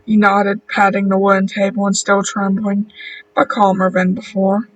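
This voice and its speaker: A man reading a horror story aloud, slow and deliberate, with a few small restarts. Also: high voice, completely flat delivery, fairly bright tone, recorded from a distance, dull audio. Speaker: narrator.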